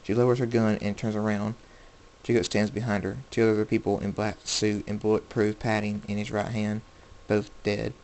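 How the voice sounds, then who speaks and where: A man reading aloud a story he wrote himself, in a plain, unhurried amateur delivery with small slips. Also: on the low side, little pitch movement, darkish tone, slight background noise, low-quality recording.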